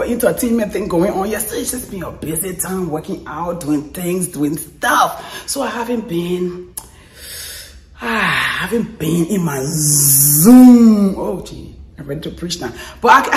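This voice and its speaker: A woman hosting a casual cooking vlog, hoarse from shouting, exuberant and quick to laugh and yell. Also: medium pitch, echoey room. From Liberia. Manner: exuberant, laughs and yells often. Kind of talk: casual chat to camera. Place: home kitchen.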